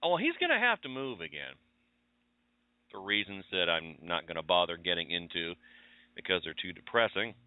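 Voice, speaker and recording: A radio show host chats casually in a monologue, rambling through stories about his week in a conversational way. His low voice is clear and resonant with a sing-song lilt at a normal pace, and there's no room sound, though the audio comes through a tinny phone line.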